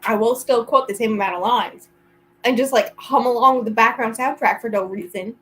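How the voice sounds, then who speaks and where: Giggly, chatty woman with a higher voice. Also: a little fast, rough recording. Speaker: vlogger hosting reading sprints. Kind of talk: casual chat to a friend.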